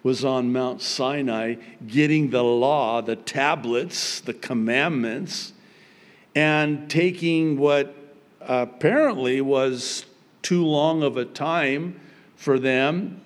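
A male pastor praying and then preaching, with bursts of loud, high emphasis on key words. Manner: animated preaching with sudden emphatic pitch jumps. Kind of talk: sermon. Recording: long hall reverb.

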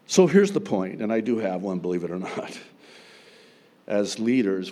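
A middle-aged male pastor preaching a sermon, emphatic and humorous, with sudden loud outbursts. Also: on the low side, sing-song, normal speed.

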